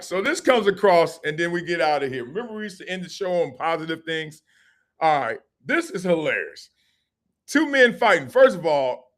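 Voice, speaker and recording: A man hosting a live-streamed sports and culture talk show, reacting to a clip in an animated, slangy way and laughing often. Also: high-pitched. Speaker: host.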